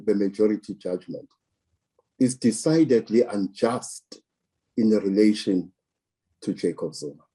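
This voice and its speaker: A man from South Africa giving measured political commentary, deliberate and emphatic, repeating words for stress. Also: lowish voice, mellow, slightly rough.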